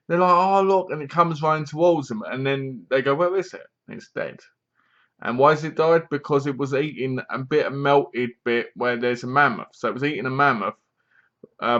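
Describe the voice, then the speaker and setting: Man, casual movie review, rambling, middle pitch, dull lo-fi recording. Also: moderate pace, a bit bright. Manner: rambling, repeats basically, corrects himself. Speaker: film reviewer.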